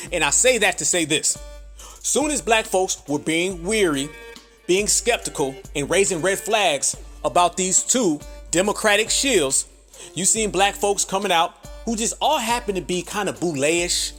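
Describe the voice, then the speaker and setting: Podcast host, male, high voice, profane emphatic rant, faint music bed. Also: animated, unhurried, a bit bright. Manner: profane, emphatic, addresses listeners as family. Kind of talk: ranting commentary.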